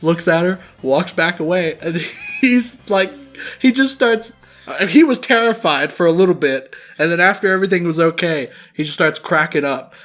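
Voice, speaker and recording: A young let's play co-host spins a casual story while playing a game, with lots of swearing and laughing. He speaks on the high side with lively intonation, a fairly bright tone, and a moderate pace, over soft background music.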